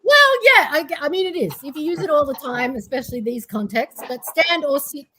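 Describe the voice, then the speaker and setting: High-voiced woman, earnest chat. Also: expressive, fairly quick, a crowd in the background, rough recording. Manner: earnest, reflective, with frequent fillers. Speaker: co-host. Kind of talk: casual podcast chat.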